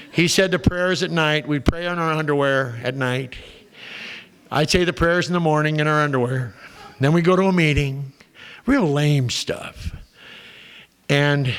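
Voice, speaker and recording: A man's voice: a little high, fairly bright tone. A man in his sixties, a veteran comedian telling a profane, wisecracking recovery story to a meeting. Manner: profane, wisecracking, punchline-driven. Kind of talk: comic storytelling talk.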